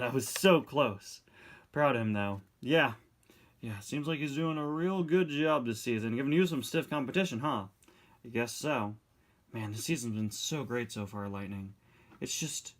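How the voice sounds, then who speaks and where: A man telling a toy-car play story in casual, quick character banter. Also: on the high side.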